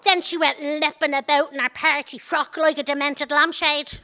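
An Irish woman performing a comic rhyming monologue with lively, punchy storytelling. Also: high-pitched, moderate pace. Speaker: comedian.

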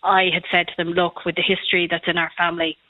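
A woman's voice: on the low side, flat delivery, fast talker, dry recording. A woman in her thirties with an Irish accent, calling a radio show and telling a personal story in a chatty way. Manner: chatty storytelling, acts out quotes. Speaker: caller. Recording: tinny phone line.

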